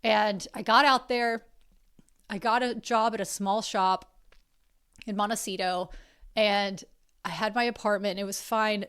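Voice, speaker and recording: Her medium-pitched voice is fairly bright and clean as she hosts a podcast in a casual, emotional, earnest way. The host, from South Carolina, swears casually from time to time.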